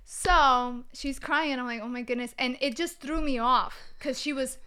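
Bright, clear-voiced woman telling a story. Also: high-pitched, unhurried. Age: adult with a daughter. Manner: animated storyteller, many fillers. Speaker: co-host. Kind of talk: casual faith podcast chat.

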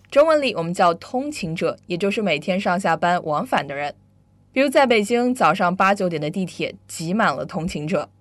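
A woman teaches English words in a clear, patient, explaining manner. Her voice sits a little low for a woman. The recording is dry and close, with no room sound. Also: dry recording. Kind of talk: bilingual English lesson.

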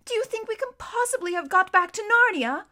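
A woman voicing a young girl, the youngest sister, eager and excitable, in an audiobook reading. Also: very high voice, normal speed, voice pushed up. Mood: excited.

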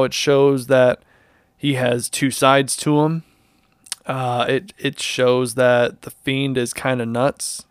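A man's voice: medium pitch, dry recording, studio quality. A man hosting a casual solo podcast, rambling and correcting himself with chuckling asides. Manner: reads text aloud flatly without doing impressions. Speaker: podcast host.

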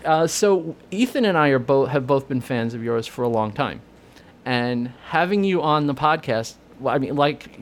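A man hosting a casual podcast, his voice catching as he fights back tears and laughs through it. He talks in an everyday, mid-pitched tone. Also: a little hiss or hum. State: voice breaking with emotion. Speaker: podcast host.

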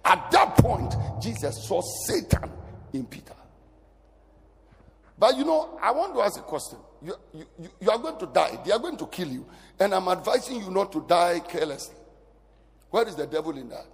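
A man preaching a sermon as pastor, his delivery swinging from loud bursts to near whispers. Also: high voice, normal speed, creaky. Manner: animated preaching, sudden loud rises and drops to near whisper. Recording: long hall reverb.

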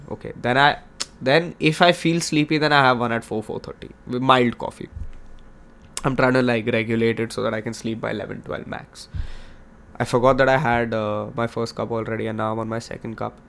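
A young male podcast host with a gravelly, fry-tinged voice. He rambles in a hyped, joking way, swears freely and keeps his pitch in the middle range. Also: level tone, brisk, fairly bright tone. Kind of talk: casual monologue.

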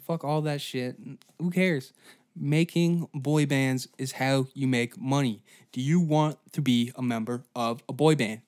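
A man's voice: mid-range voice, a little mellow. Guy hosting a comedy podcast, rambly and crude, lots of sarcastic tangents. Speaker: podcast host. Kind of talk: comedic storytelling.

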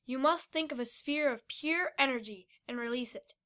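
A calm, tired mentor man, as a woman reads him, speaking in a slightly lowered, quiet voice. He sounds steady and instructive in a storybook reading. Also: moderate pace.

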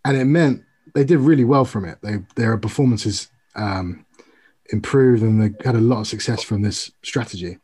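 A man's voice: lowish voice, normal speed, breathy edge. A young man from the UK chatting casually about sport, telling stories and explaining at length. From United Kingdom. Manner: animated storytelling, explains at length. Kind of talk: casual chat.

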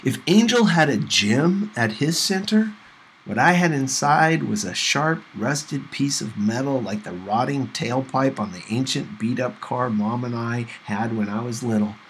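Man narrating a novel for students, mid-range voice, steady and gentle; faint hiss behind. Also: medium pitch, rough recording. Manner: measured, gentle first-person narration. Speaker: audiobook reader for a class. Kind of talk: reading a novel aloud.

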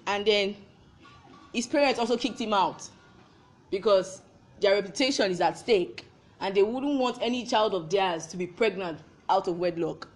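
A woman's voice: mid-range voice, normal speed, faint music behind. A young woman tells a role-reversal story, firing off repeated rhetorical questions.

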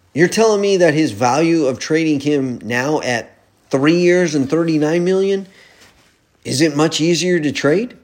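A young man in a casual sports rant, profane and heated, arguing back at imagined critics. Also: medium pitch. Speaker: sports podcaster.

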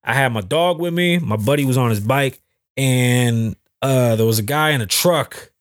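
This podcast host, a young man with a medium-pitched voice at normal speed, delivers casual solo commentary laced with profanity and animated, acted-out quotes. The recording is dry, with clean studio sound.

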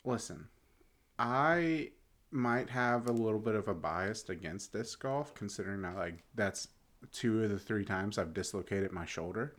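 Man, podcast co-host, mid-pitched voice, lively intonation, playful and joking, casual chat. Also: a little slow. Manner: playful, joking, lots of "listen" and "like".

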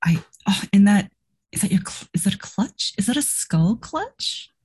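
A woman's voice: medium pitch, sing-song, normal speed, darkish tone, husky, pitched above the performer's own voice. A woman playing a flamboyant artist obsessed with fashion, talking in a gushing, effusive way. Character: flamboyant fashion-loving artist with an eye for style.

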